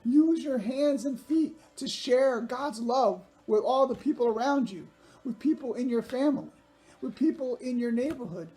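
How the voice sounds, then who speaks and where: A woman's voice: sits high, moderate pace, dark tone. A woman giving an upbeat children's sermon, talking straight to young viewers. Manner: upbeat, talks directly to kids.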